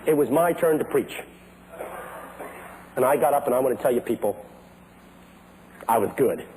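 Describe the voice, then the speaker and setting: A man preaching a sermon who grew up in West Philadelphia. He tells stories to the congregation and builds up to shouted, rhythmic preaching. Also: mid-range voice, normal speed, background noise.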